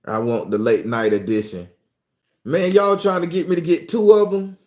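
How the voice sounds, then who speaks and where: A man's voice: fairly high pitch, moderate pace, a little mellow, echoey room. A man from southern Florida with a Southern American accent, hosting a casual livestream and chatting loosely with viewers, stumbling when he reads aloud. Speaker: livestream host.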